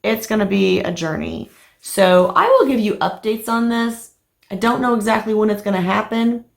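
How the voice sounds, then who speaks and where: Crafting vlogger, woman in her middle years, casual and talkative, medium pitch. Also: moderate pace, gravelly, reverberant. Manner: chatty, animated storytelling with fillers. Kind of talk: casual chat to camera.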